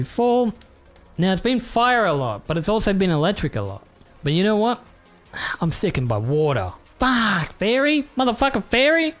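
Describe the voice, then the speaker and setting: A young Australian man chatting casually and excitably while opening trading cards, swearing freely and rambling. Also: sits high. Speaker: YouTuber. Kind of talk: casual card-unboxing chat.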